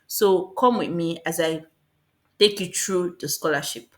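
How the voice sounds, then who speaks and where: A woman giving a casual, fast explainer on applying for a scholarship, often repeating and correcting herself. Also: fairly low pitch. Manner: fast, repetitive, self-correcting. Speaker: scholarship guide vlogger.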